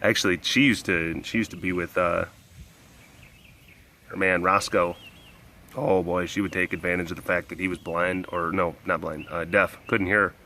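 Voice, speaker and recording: A man's voice: low voice, moderate pace, slight background noise. A man talking casually and rambling through stories outdoors while on a walk, laughing often. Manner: rambling, animated storytelling with laughs. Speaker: animal sanctuary keeper. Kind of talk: casual vlog talk.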